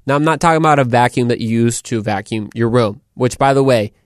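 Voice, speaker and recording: Chatty, animated man hosting a podcast. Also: mid-range voice, fairly quick, clean tone, no echo, clean studio sound. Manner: chatty, animated, rambling with restarts. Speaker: podcast host. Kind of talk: casual podcast talk.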